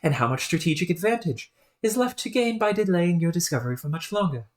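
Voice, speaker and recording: A woman voicing an eager, polite young alien girl scholar in a put-on British accent, talking in a chatty, formal and excitable way. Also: fairly low pitch, fast talker, close to an everyday voice. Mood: earnest.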